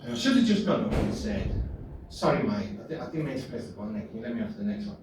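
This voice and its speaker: A man's voice: mid-range voice, very animated, quick pace. A man doing a rambling, sweary, self-mocking stand-up set in a small pub comedy room. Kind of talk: work-in-progress stand-up set. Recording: echoey room, distant mic, noisy.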